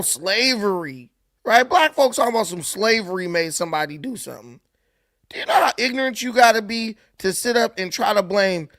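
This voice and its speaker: A man's voice: high voice, a bit bright, no echo, studio quality. Sarcastic man ranting on a vlog. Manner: sarcastic, heated, preachy. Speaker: commentary host. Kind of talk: opinion commentary vlog.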